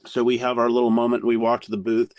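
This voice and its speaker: A man telling a candid story as a podcast guest, animated and full of swearing. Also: medium pitch, fast, no room sound. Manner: profane, animated anecdote-telling.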